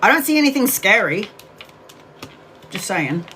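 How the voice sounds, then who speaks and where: A woman's voice: mid-range voice, big pitch swings, measured pace, background noise. Affectionate woman in her forties reading tarot. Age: 40s. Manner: soothing, affectionate, direct. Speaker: tarot reader. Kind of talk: live-stream tarot reading.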